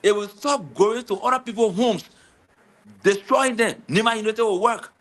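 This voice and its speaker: Man, casual talk guest, bright forceful tone, lively storyteller. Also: high voice, normal speed. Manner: animated storytelling, repeats words. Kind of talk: casual chat.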